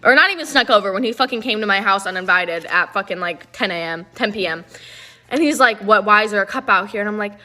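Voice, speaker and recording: A woman's voice: mid-range voice, expressive, fast talker, bright, forceful tone. A young woman telling a rambling, profane personal story in casual chat, full of "like".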